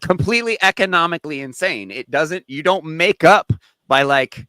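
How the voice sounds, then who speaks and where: Bright, rambling man hosting a podcast. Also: fairly high pitch, normal speed, clean tone, no room sound. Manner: rambling, animated storytelling with restarts and swearing. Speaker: podcast host. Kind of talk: casual podcast chat.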